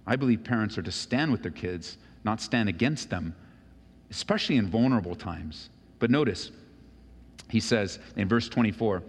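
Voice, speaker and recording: A male pastor preaching a sermon, animated and acting out the voices of Bible figures. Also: fairly low pitch, normal speed, husky. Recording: long reverb of a large hall.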